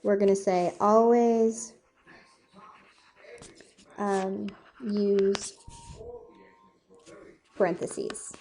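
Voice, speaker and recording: A woman's voice: medium pitch, fairly even intonation, drawn-out words, long pauses, warm tone. A young woman giving a casual, chatty whiteboard math lesson, often checking in with "okay?" and joking about her drawings. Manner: chatty, self-deprecating, asks "okay?" often. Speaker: math teacher.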